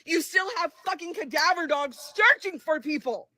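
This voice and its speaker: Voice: very high voice, animated, moderate pace, pushed and bright, dry recording. A speaker in a played clip ranting furiously, swearing and hammering the same phrase again and again. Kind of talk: angry eyewitness rant.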